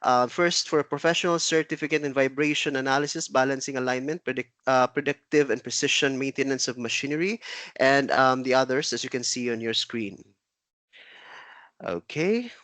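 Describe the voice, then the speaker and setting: A man's voice: medium pitch, normal speed, fairly bright tone, dry recording. A man from the Philippines hosting a webinar, speaking hesitantly with many fillers over a video call. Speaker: webinar host. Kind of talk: live webinar moderation.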